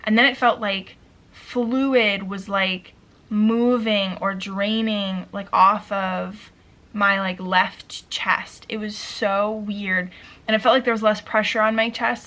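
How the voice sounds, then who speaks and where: A woman's voice: mid-range voice, steady tone, unhurried, pushed and bright. A woman in her thirties chatting casually in a vlog, out of breath and rambling with lots of "like" fillers. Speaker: vlogger. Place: at home by a window.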